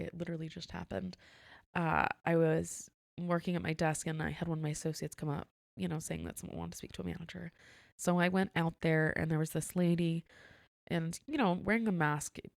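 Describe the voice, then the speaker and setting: A woman's voice: sits low, creaky, no room sound, clean studio sound. A woman co-hosting a podcast, telling a workplace story in casual chat and acting out the dialogue with frequent laughs. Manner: animated storyteller, acts out dialogue, laughs often. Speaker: podcast co-host.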